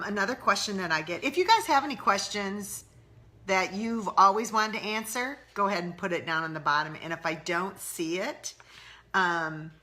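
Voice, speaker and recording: A woman's voice: lowish voice, bright, forceful tone. A middle-aged woman hosting a casual live stream, candidly answering viewers' questions and chatting with their comments. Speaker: host of a live mom-mentoring broadcast. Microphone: live-stream webcam or phone.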